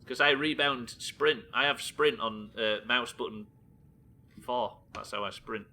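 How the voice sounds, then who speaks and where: A young British man livestreams a video game, swearing freely, reading chat aloud and talking with viewers as he plays. His medium-pitched voice sounds pushed and bright, though he keeps a measured pace.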